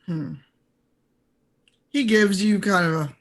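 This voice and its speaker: A woman's voice: medium pitch, very animated, unhurried, fairly bright tone. A woman playing a tabletop game, chatting in a laid-back way and voicing her character's reactions. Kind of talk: casual in-character roleplay.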